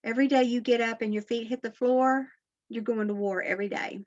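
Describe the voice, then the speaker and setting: A woman's voice: on the high side, steady tone, fairly quick, a little mellow, lo-fi sound. A woman giving an inspirational faith talk, earnest and encouraging, often putting questions to her listeners. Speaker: Christian motivational speaker.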